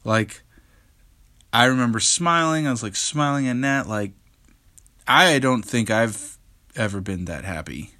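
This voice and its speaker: A man's voice: mid-range voice, animated, measured pace, pauses often, sharp tone. A young man hosting his own podcast, chatting casually and candidly about his week, tired and yawning, rambling with lots of fillers and restarts. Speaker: podcast host. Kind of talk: casual solo podcast chat.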